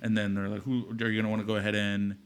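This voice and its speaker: A man's voice: racing, a little hiss or hum. A young man co-hosting a podcast, telling a birth story in casual chat and acting out the quotes with big jumps in his voice. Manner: animated retelling, acts out quotes with big pitch jumps. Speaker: podcast co-host, new father. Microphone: podcast microphone.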